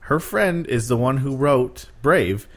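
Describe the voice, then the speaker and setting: A man of average pitch chats casually among friends. He tells a lively anecdote, acting out each quoted line as he goes. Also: slow. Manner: lively anecdote teller, acts out quoted lines. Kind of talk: casual chat.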